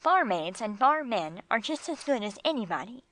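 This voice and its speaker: A woman voicing a gruff, streetwise male bulldog with slangy tough-guy talk, read for an audiobook. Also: on the high side, very animated, moderate pace, a bit bright, no echo, low-quality recording. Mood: blunt.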